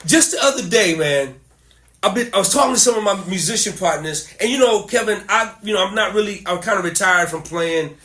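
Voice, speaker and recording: A middle-aged man hosting a podcast as a musician, telling stories in casual conversation with lively, laughing energy. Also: high voice, a little fast. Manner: animated storyteller who laughs often. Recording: roomy echo.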